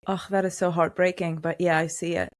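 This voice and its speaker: A woman hosting a podcast, retelling scenes in a lively, chatty way and voicing the characters' lines as she goes. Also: fairly low pitch, fairly quick. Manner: animated storytelling, acts out characters' lines. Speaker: podcast host. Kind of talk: casual podcast recap chat.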